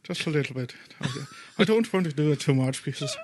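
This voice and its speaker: A man chatting casually as a co-host, soft-spoken and a little hesitant. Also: on the high side, expressive, quick pace, slight background noise. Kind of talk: casual chat.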